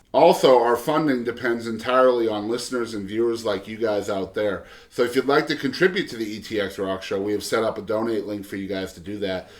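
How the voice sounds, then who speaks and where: A man hosting his own music podcast, reading casual show announcements in a loose, joking way with lots of um fillers. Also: on the low side. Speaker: podcast host.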